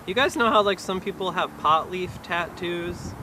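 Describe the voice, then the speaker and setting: A man doing a stand-up comedy set in an awkward, hesitant, deadpan way, with lots of fillers. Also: high voice, measured pace, pauses often, slight background noise. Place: live comedy venue.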